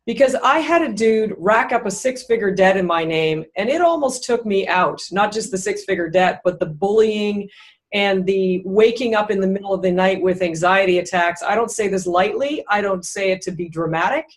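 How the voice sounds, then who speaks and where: Female business coach, measured and thoughtful, even mid pitch. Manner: measured and explanatory, thinks aloud. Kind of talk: conversational interview answers.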